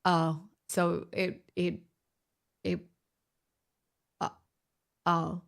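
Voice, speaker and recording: A woman's voice: fairly low pitch, level tone, drawn-out words, vocal fry. An Australian woman chatting casually on a livestream, rambling and swearing freely as she reacts to chat.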